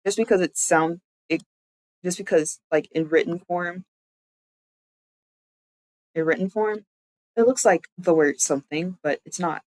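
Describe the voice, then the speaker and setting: A VTuber streamer giving a live-streamed language lesson, explaining step by step and repeating words slowly. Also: mid-range voice, darkish tone, no echo, rough recording.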